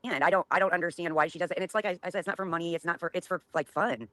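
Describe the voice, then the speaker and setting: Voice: medium pitch, racing, fairly bright tone, no room sound. A speaker in a group voice chat talking earnestly about being hurt, stumbling over words.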